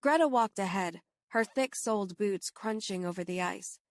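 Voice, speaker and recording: A woman's voice: mid-range voice, no echo. Woman narrating a horror audiobook, dry sound. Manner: steady, measured storytelling. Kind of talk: scripted first-person audiobook narration.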